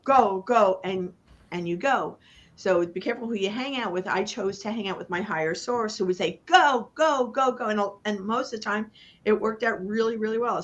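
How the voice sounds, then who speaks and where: A woman coach gives a motivational talk on a live online panel. Her pitch sits in a middle range, and she hammers home points in chant-like repeats with dramatic pauses. The stream audio sounds a bit dull and lo-fi. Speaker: business coach guest.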